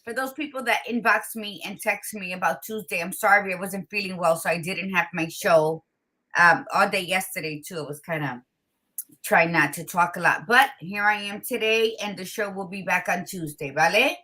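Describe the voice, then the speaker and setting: Woman host, casual chat, tired morning voice, bright forceful tone, blunt. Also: medium pitch, normal speed. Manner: blunt, expressive, mixes Spanish greetings. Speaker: podcast host.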